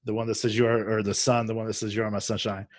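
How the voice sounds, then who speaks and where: A young man hosting a casual chat about theatre, laid-back and rambling, and quick to laugh. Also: fairly low pitch, level tone, dry recording, clean studio sound. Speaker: podcast host, actor.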